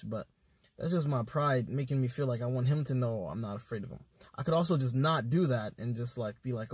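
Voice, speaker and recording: A man speaking as a podcast guest, telling stories in an animated, slangy way with swearing. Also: mid-range voice, fairly quick, husky, dry recording. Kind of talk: casual conversation.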